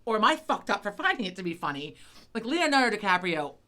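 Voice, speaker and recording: A woman's voice: mid-range voice, sing-song, fast, pushed and bright. Rambling, swearing middle-aged woman. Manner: rambling, profane, lots of fillers and restarts. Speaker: podcast co-host. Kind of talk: casual chat.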